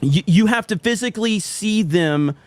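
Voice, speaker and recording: A middle-aged man with a slightly high voice spins stories in relaxed chat, acting out quoted lines and laughing along. His delivery is lively and the sound is dry and close. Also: moderate pace, no room sound. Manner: animated, acts out quotes, laughs often. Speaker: podcast guest telling stories. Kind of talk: casual storytelling chat.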